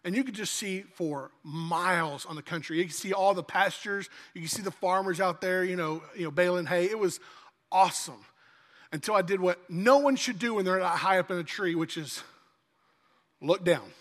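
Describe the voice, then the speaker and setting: A man's voice: sits high, moderate pace, fairly bright tone. A man preaching a sermon in a church, telling a folksy story. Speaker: pastor. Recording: long church-hall reverb.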